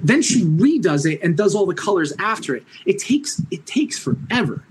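A man from Orange County, New York, a comic writer chatting casually, animated, laughing often and swearing freely. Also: high-pitched, normal speed, slight background noise, rough recording. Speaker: comic book writer guest. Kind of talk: casual podcast conversation.

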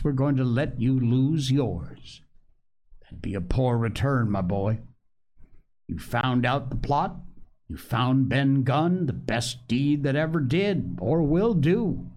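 Man voicing a stern but kindly ship's doctor for a storybook reading, slow and urgent. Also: medium pitch, a little mellow. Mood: earnest. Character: earnest older male ship's doctor, stern yet kindly.

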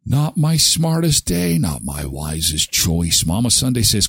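A middle-aged man hosting a casual chat show, joking and animated. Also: lowish voice, measured pace, vocal fry, hardly any pauses, husky, no echo, clean studio sound. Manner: joking, animated, slips into silly voices. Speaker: talk show host.

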